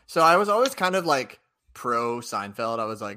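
Bright-voiced chatty young man. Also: medium pitch, sing-song, normal speed, slight background noise. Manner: rambling, chatty, lots of fillers. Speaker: podcast host. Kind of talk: casual podcast chat.

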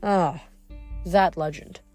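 A gloomy young son of the death god with a quiet, ominous way of talking, as a woman reads his lines. A storybook reading with faint music behind. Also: lowish voice, takes it slowly.

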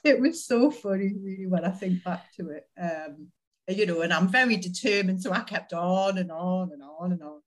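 A woman's voice: on the low side, expressive, normal speed. A woman telling her personal story in an interview, chatty, with frequent laughs and many fillers. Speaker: interview guest.

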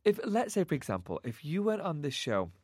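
A man's voice: a little high, sing-song, fairly quick, slightly rough, no room sound, studio quality. A man giving a radio interview as a fashion guest, talking emphatically with many fillers. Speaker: guest, fashion expert and author. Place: radio studio. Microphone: studio microphone.

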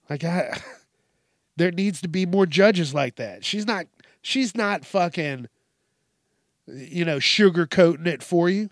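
A man's voice: a little high, expressive, takes it slowly, no room sound, studio quality. A man hosting a podcast who reads out news stories and reacts with outraged, profanity-heavy commentary and emphatic repetition.

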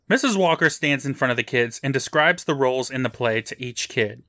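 A man with a bright, forward voice recaps a TV episode for his podcast, dropping deadpan, crude jokes into the plot summary. The sound is close and dry, with no room around him. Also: mid-range voice, unhurried, no echo. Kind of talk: casual recap narration with jokes.

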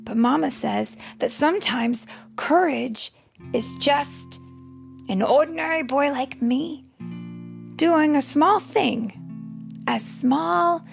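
A young mother reading a picture book aloud to her child, expressive and slow, sometimes dropping into a whisper. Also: sits high, gravelly. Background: soft guitar music.

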